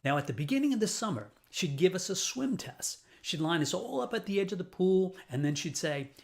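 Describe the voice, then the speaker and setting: A man from New Orleans telling a personal childhood story with a lesson, in an animated and playful way. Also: high voice, brisk, gravelly, few pauses. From New Orleans, USA.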